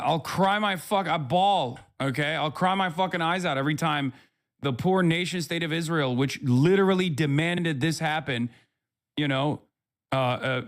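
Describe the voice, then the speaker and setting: A man's voice: on the high side, a bit bright. A man live-streaming, talking back to his chat in a sarcastic, profane, rambling way. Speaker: livestreamer.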